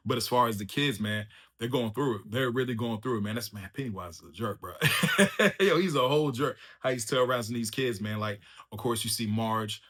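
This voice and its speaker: A man hosting a casual spoiler review of a TV show, excitable and slangy, laughing often as he recaps. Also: on the low side, a little fast. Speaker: TV review channel host.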